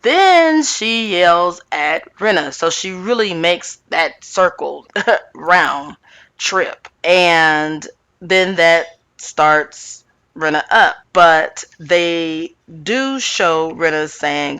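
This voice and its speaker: Woman, reality TV recap host, casual chat, blunt, sassy, slangy, crisp clear voice. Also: fairly low pitch, lively intonation, slow pace, a bit bright. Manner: sassy, blunt, talks back to viewers with slang and swearing.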